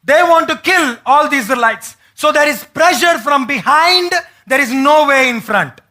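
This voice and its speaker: A pastor delivers a sermon in church, his high, bright voice carrying it. He asks the congregation questions and acts out the words of biblical figures as he goes. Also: lively intonation, normal speed. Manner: preaching with rhetorical questions to the congregation.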